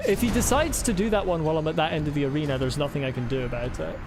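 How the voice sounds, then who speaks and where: A man's voice: fairly high pitch, racing, over music. A man commenting on his own gameplay during a live stream, muttering to himself, humming and swearing under his breath. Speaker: game streamer.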